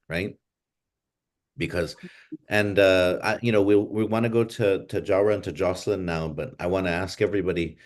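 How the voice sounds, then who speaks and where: Deep-voiced man teaching over a video call. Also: darkish tone. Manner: switches between Chamoru and English, thoughtful with restarts. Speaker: language teacher hosting a class. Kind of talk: reflective talk to a class.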